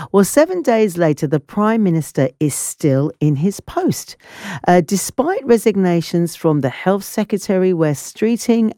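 Woman presenter, low-ish mellow voice, dry close sound, chatty live radio host. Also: dry recording. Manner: conversational, with fillers and restarts. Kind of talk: live radio current-affairs interview.

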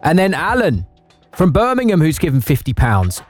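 A man's voice: on the high side, huge pitch swings, normal speed, faint music behind. A man presenting a live radio charity appeal, effusive and emotional as he thanks givers and urges listeners to donate. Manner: warm, effusive, emotional encouragement. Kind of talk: live radio fundraising chat.

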